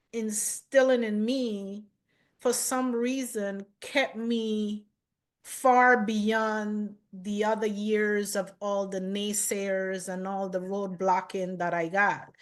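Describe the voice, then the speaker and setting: Woman guest, reflective storyteller, unhurried measured delivery, mid register. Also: medium pitch, level tone. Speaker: chef and guest.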